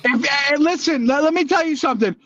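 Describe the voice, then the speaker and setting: Very high-voiced man ranting profanely, lo-fi. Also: brisk, fairly bright tone. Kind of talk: heated live-stream debate. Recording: dull lo-fi audio.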